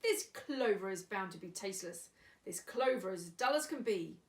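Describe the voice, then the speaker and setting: Woman reader voicing a bullying rat bandit, loud chanting demands, storybook, heard from afar. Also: medium pitch, lively intonation, moderate pace, recorded from a distance, close to an everyday voice. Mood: bossy. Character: greedy, bullying male rat highwayman. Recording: echoey room, away from mic.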